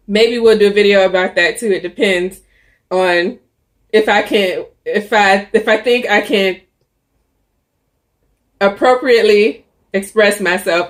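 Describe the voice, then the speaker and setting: A young adult woman vlogging, talking casually and candidly to the camera, with frequent ums and restarts. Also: medium pitch. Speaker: YouTuber.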